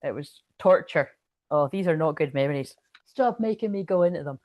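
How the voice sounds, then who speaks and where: Low-voiced woman, rambling and swearing. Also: lively intonation, brisk, no echo, highs cut off. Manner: rambling, profane storytelling. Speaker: spiritual reader. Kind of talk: casual live-stream chat.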